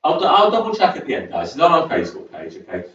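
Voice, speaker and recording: A man's voice: mid-range voice, huge pitch swings, fast, fairly bright tone, slight background noise. A man leading an online chair-based exercise class, talking in a loose, chatty, encouraging way. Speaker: fitness instructor. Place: community sports centre hall. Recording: echoey hall, dull distant camera audio.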